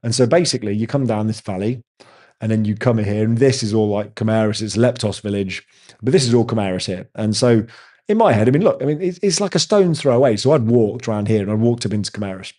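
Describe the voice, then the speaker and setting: A man's voice: lowish voice, animated, quick pace, mellow. A man, hosting a casual live chat with viewers and telling rambling stories. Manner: rambling, chatty storyteller. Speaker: host answering viewer chat.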